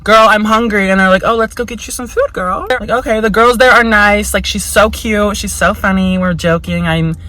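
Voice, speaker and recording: A young woman tells a story in a casual vlog at a moderate pace with few pauses, her medium-pitched voice sharp in tone. She's chatty and frank, with heavy swearing, frequent "like" fillers, and put-on voices when she quotes others. The audio is poor.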